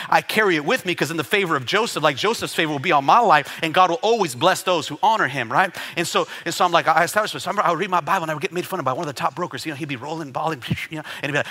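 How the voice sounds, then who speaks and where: A man preaching a sermon, with many restarts and calls for an amen, building up to loud fervor. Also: fairly high pitch, rapid-fire, few pauses. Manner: asks for amens from the congregation. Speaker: pastor.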